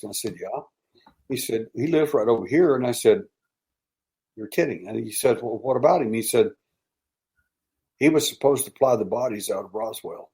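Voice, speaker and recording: An American man, a podcast guest who researches alien abductions, tells stories animatedly in a casual interview, acting out quoted dialogue. His voice is mid-range, his pace moderate, and he leaves long pauses.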